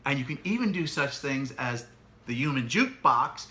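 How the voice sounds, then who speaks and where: A middle-aged man co-hosting a casual parenting chat, animated and demonstrative as he explains. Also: mid-range voice, normal speed. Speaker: co-host, parent.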